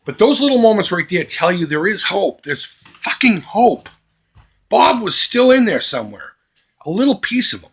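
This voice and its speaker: A middle-aged man making an earnest, emphatic charity appeal to his viewers as a vlogger, swinging between loud and hushed. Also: high-pitched, very animated, moderate pace, husky.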